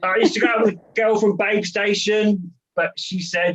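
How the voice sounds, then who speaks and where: A man doing a stand-up comedy set from his own room over a video call, with hesitant one-liners full of ums and pauses. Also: sits high, fairly even intonation, fairly bright tone, poor audio.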